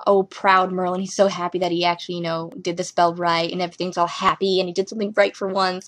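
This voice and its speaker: A young woman talks loosely and at length about a show, jumping between thoughts with giggles and lively asides. Her voice sits at a middling pitch. She records casually at home on a webcam. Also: vocal fry. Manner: rambling, giggly, animated asides. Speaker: vlogger reviewing a TV episode. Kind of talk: casual rambling chat.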